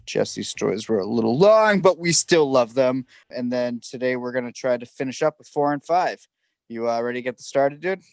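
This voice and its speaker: A man's voice: mid-range voice, animated, normal speed, creaky, no echo, clean studio sound. A man co-hosting a casual podcast, sarcastic and teasing, with a lot of swearing. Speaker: podcast co-host.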